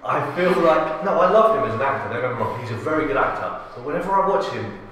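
A man hosting a casual group chat, animated and swearing freely. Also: medium pitch, fast, a crowd in the background. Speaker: podcast host. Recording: echoey room, mic from far off.

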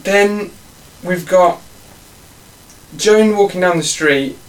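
A man with a slightly high voice hosts a casual podcast. He sounds exasperated and bossy and swears freely. A faint hiss sits under the recording. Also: slow, rough recording. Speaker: podcast host.

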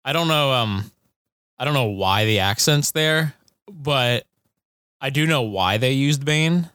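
A man co-hosting a podcast in relaxed, rambling casual chat. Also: medium pitch, measured pace, smooth, no room sound, clean studio sound. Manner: laid-back, rambling, lots of fillers. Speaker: podcast co-host.

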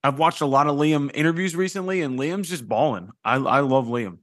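A young adult man hosting a podcast in casual chat, loose and excitable, swearing freely. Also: a little high, brisk, no room sound, studio quality. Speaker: podcast host.

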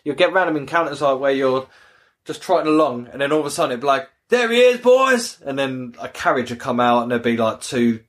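A man, co-hosting a casual gaming podcast and telling animated stories, acting out voices. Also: mid-range voice, quick pace. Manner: animated storyteller, acts out voices and laughs at own jokes. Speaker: podcast co-host.

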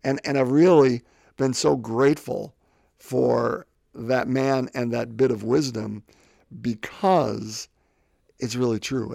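Warm in tone with some vocal fry, this mid-range male voice belongs to a faith podcast host in his fifties. Recorded dry with clean studio sound, he speaks reflectively and rambles, repeating words while thinking.

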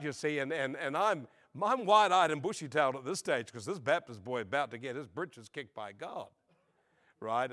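A man preaching a storytelling sermon to a congregation, animated and humorous, acting out voices and laughing along. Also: medium pitch. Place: church service before a congregation.

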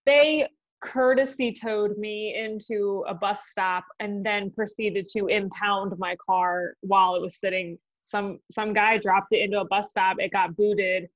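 A woman's voice: medium pitch, steady tone, unhurried, dry recording. Exasperated woman podcast co-host, dull mic. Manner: exasperated storytelling. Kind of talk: casual podcast chat.

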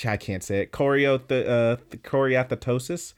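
A man co-hosting a podcast, casually recapping an episode in a profane, animated way, acting out the characters' lines. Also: medium pitch, normal speed, clean tone. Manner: profane, animated retelling with quoted voices. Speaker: podcast co-host.

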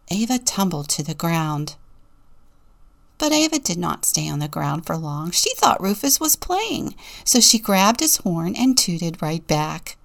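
A woman deacon gently reading a children's story aloud and asking the listener questions. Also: on the low side, creaky.

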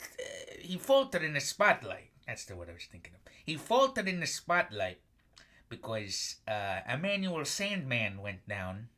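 A man's voice: a little high, pushed and bright. A man hosting a comedic fantasy football advice bit, brash and profane, rambling and tagging his points with "okay?".

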